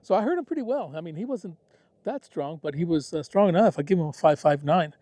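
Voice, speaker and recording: A man chatting casually about his ham radio contacts in a relaxed, self-deprecating way, recording outdoors in the desert. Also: a little high, a little fast, no room sound. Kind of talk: casual outdoor vlog narration.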